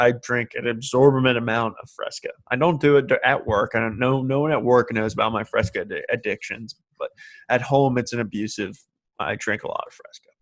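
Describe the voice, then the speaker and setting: A young man co-hosting a casual podcast. He talks in a relaxed, rambling way, trips over his own words and circles back as he goes. His voice sits at an ordinary pitch. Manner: laid-back, rambling with restarts and laughs. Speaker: podcast co-host. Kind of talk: casual chat.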